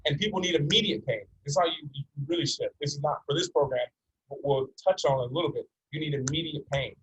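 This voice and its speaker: Man in his forties, coaching session, very husky voice, fairly high pitch, earnest. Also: fast, fairly bright tone, poor audio. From North America. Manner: earnest and repetitive, tells stories to make his points. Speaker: life coach.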